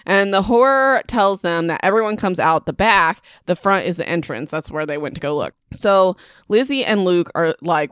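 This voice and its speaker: A woman's voice: lowish voice, expressive, moderate pace, smooth, no room sound, clean studio sound. A woman podcast host casually recapping a book, chatty and full of asides. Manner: chatty, lots of fillers and asides.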